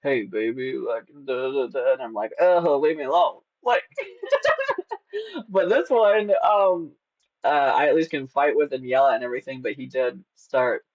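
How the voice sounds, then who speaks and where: On a live stream, a man chats casually, playful and teasing, giggling easily. His mid-range voice is animated and moves at a moderate pace, with no echo, though the recording sounds slightly dull and lo-fi.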